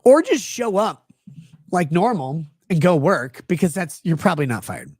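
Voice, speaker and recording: A man's voice: high-pitched, big pitch swings, moderate pace, a little mellow, dry recording, clean studio sound. A man hosting a casual livestream, reading chat messages aloud and riffing on them sarcastically. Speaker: livestream legal commentary host.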